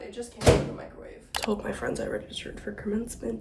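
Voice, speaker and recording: A woman's voice: mid-range voice, quick pace, gravelly, heavy background noise. A woman in her twenties, a graduate student, chatting casually to camera in a diary vlog, tired and stressed, self-mocking and a bit dramatic.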